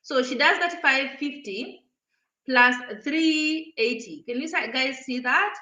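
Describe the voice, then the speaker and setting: Speaking straight to camera at a measured pace, a woman vlogger casually retells a run-in with lively, indignant animation, acting out the quotes. Her voice is high and bright, and the room echoes.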